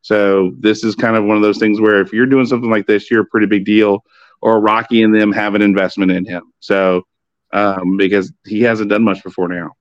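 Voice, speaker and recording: A man's voice: lowish voice, flat delivery, brisk, no room sound, lo-fi sound. A man joining a casual wrestling chat who explains things in a laid-back, profane way. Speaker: podcast guest on wrestling.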